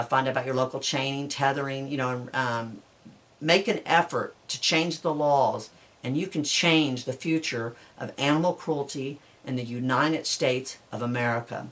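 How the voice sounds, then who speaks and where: A woman talking to her supporters in an advocacy vlog, earnest and urging, with a heartfelt way of speaking. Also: extremely low pitch. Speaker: animal welfare advocate. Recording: voice a bit distant from mic.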